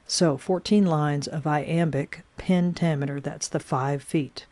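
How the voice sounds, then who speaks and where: A woman's voice: deep voice, slow pace, few pauses, dark tone, no room sound. A woman teacher explaining sonnet form step by step in a recorded lesson, with frequent "uh" fillers.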